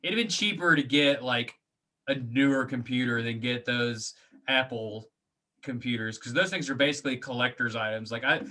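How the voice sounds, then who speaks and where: Bright-voiced opinionated male podcaster. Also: medium pitch, normal speed. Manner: opinionated, rambling, swears casually. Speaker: podcast co-host. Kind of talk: casual movie chat.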